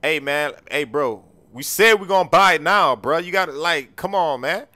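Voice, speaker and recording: A man roleplaying a car buyer in a game, excitable and full of slang, calling everyone bro. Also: a little high, normal speed.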